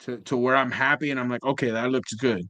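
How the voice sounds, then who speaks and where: A man's voice: medium pitch, fairly even intonation, quick pace, bright, forceful tone, no room sound. A man co-hosting a casual toy-collecting chat, talking in a laid-back, rambling way and trailing off mid-sentence.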